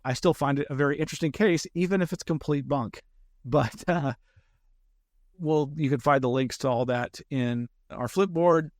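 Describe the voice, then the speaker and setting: Male host, smooth, resonant voice, dry and close sound, rambling casual news chat. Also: on the high side, normal speed, a little mellow, dry recording. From Texas. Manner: chatty, rambling, self-interrupting. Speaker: host of a weekly news roundup show. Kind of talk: casual live-stream news commentary.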